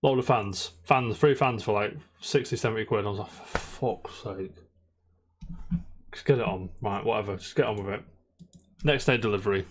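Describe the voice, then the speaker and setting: A man's voice: fairly low pitch, brisk. Sweary man telling a story. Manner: swears constantly, rambling storytelling. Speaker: podcast co-host. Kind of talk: casual chat.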